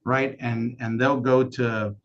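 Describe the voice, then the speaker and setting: A man leading a casual sales training call, energetic and asking "right?" again and again. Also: mid-range voice, slow pace, a little hiss or hum. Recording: dull lo-fi call audio.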